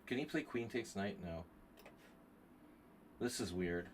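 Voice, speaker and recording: A man's voice: fairly low pitch, expressive, measured pace, pauses often, a little hiss or hum. A man streaming blitz chess, thinking aloud through his moves and chatting with viewers as he plays. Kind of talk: live stream commentary while playing blitz chess.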